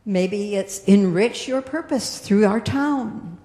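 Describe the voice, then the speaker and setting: A woman minister giving a gentle, reflective sermon that slows down on its key phrases. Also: medium pitch. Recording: echoey hall with long reverb.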